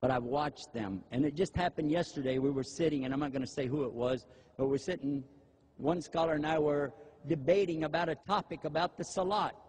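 An older man giving a religious lecture, animated and humorous, often mimicking eager people in a raised voice. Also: on the high side, a little fast, a little hiss or hum. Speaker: Muslim preacher. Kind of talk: lecture with acted-out asides.

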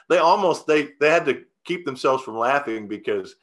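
A man's voice: a little high, lively intonation, moderate pace, fairly bright tone. Folksy man telling stories. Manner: rambling, folksy, many restarts and fillers. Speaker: guest singer-songwriter. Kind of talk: casual interview storytelling.

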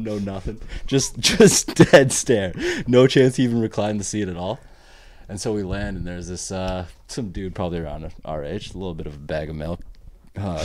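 A man's voice: on the low side, dark tone. A young adult man co-hosting a podcast, telling stories in a laid-back way and laughing often. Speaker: podcast co-host, pro soccer player. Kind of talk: casual podcast chat.

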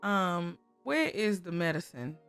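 A woman's voice: lowish voice, lively intonation, slow pace, fairly bright tone, clean tone, faint music behind. A woman casually commenting on her game, chatty and exclaiming, talking to viewers and to the characters, with speech. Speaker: gaming YouTuber.

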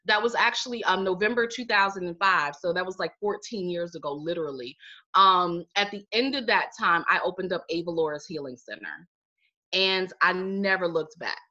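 A woman's voice: fairly low pitch, lively intonation, moderate pace, pushed and bright. A middle-aged woman, a life coach, telling her own story in a casual interview and acting out what people said. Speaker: guest, life coach and healer. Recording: muffled lo-fi audio.

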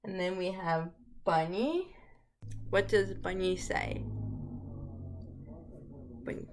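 A woman hosting a children's lesson video, talking gently to small children and making sing-song animal noises. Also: on the low side, slight background noise. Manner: slow, bright voice, sing-song animal noises for little ones. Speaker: early childhood teacher.

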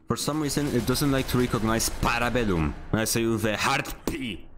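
A man's voice: medium pitch, a little fast, few pauses, a bit bright, faint music behind. A young man, streaming a game and barking short voice commands, sarcastic and easily annoyed. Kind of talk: casual gameplay streaming with voice commands.

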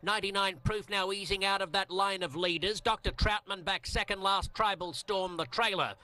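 Man, race caller, live horse race commentary, high-pitched, rhythmic rapid cadence. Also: fairly even intonation, sharp tone, no echo.

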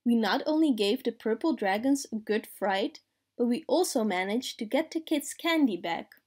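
A woman reading a picture book aloud, voicing a calm and friendly young woman hero. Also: a little high, moderate pace. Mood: pleased.

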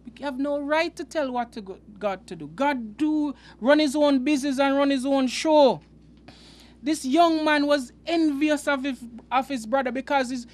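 High-voiced man preaching with halting emphasis. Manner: halting, repeats words, earnest and emphatic. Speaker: preacher and host. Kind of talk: unscripted Bible teaching.

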